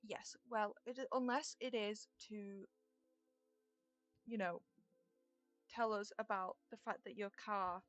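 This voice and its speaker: A woman voicing a tired, persistent male door-to-door salesman who keeps repeating his pitch in a flat way. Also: slow, long pauses, no echo, faint music behind. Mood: weary.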